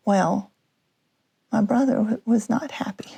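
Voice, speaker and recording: A woman podcast host telling a personal story, halting with many restarts and fillers. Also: a little high, gravelly, mellow, slightly rough.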